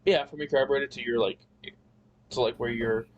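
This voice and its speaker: A man tells a long story in a casual chat, rambling and cursing and restarting his sentences. His voice sits at an ordinary middle pitch. A faint hiss of background noise runs under the recording. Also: fairly even intonation, a little fast, lo-fi sound. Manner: rambling, profane, frequent restarts. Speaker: podcast guest.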